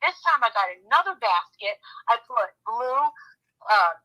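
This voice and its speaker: A woman's voice: fairly high pitch, lively intonation, moderate pace, pushed and bright, highs cut off. A woman YouTuber chatting casually, retelling events in a rambling, blunt way with lots of restarts and some swearing. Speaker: true-crime YouTuber. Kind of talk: casual chat.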